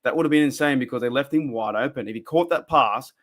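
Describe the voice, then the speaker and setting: A man with an Australian accent hosting a casual fan live stream, rambling excitably and answering his chat viewers. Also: medium pitch, quick pace. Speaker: fan podcast host. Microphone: desk microphone for a live stream.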